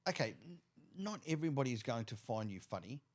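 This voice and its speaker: A man's voice: mid-range voice, sing-song, fast. A man hosting a casual chat, making his points earnestly and with emphasis.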